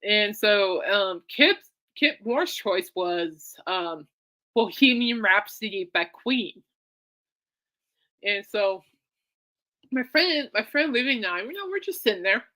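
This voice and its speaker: This is a woman hosting a solo podcast, rambling through a story with lots of fillers, restarts and bursts of excitement. Her voice is bright and forceful, sitting at an ordinary pitch for a woman. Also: slow pace. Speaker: podcast host. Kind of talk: casual rambling monologue.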